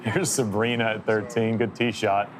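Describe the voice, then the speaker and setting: A man calling golf shots play-by-play as lead commentator, steady and upbeat. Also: fairly low pitch, normal speed, noisy background.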